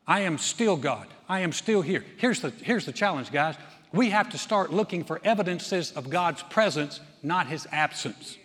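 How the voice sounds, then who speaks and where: A man's voice: on the high side, expressive, normal speed, fairly bright tone. A man pastor giving a conversational sermon, slipping briefly into quoted voices as he tells stories. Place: church hall. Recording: long hall reverb.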